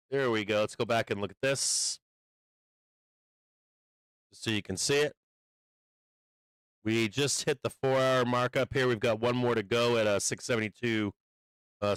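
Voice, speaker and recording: A man hosting a live stock trading stream, talking through charts and swearing loudly when a trade turns against him. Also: medium pitch, moderate pace, long pauses, clean tone, dry recording. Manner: profane, swings from calm chart talk to furious outbursts. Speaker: livestream trading host. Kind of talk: live market stream commentary.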